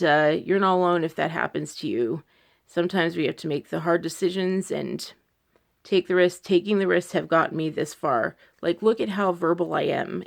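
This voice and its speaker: Anxious woman vlogger with a gravelly voice. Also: low-pitched. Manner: anxious, rambling, many fillers like "like". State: scared, close to tears. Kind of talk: personal video diary. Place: indoors at home.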